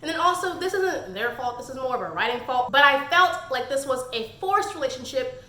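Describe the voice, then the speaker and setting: Bright-voiced woman ranting sarcastically. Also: sits high, expressive, a little fast. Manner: exasperated, sarcastic critique. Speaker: book reviewer. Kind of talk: casual book review vlog. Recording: echoey room.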